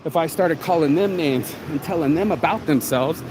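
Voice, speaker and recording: A man hosting his own show, ranting bluntly in a solo monologue, swearing often and jumping suddenly up and down in pitch. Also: a little fast, few pauses, darkish tone, slight background noise. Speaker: show host.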